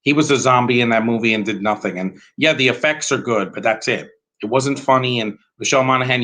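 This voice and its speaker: A man's voice: mid-range voice, fairly quick, hardly any pauses, a bit bright, low-quality recording. A man giving a rambling, blunt, opinionated live commentary while watching a movie at home.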